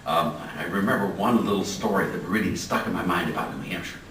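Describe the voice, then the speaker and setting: A man's voice: sits low, brisk, a bit bright. An older man giving a folksy, chuckling talk as a guest speaker. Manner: chuckling, storytelling. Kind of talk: folksy anecdotal speech. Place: lecture hall. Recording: roomy hall from far off, faint noise.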